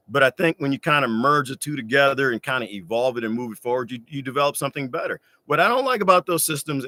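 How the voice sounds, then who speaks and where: A man's voice: on the low side, a bit bright, no echo. A man hosting a casual livestream from his off-grid home, rambling through viewer comments with joking asides. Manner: loose, digressive, says y'all, joking asides. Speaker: livestream host answering chat. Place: off-grid desert home, indoors.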